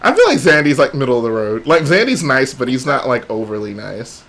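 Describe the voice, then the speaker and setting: A man's voice: medium pitch, very animated, fairly quick, fairly bright tone. A young man streaming and chatting casually with friends, laid-back and teasing. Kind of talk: casual chat.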